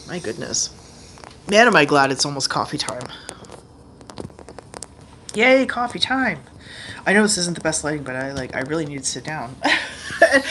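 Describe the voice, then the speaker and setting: A woman's voice: fairly low pitch, slight background noise. A woman hosting a casual livestream from her home, rambling chattily with lots of fillers. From Canada. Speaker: channel host. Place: home, indoors.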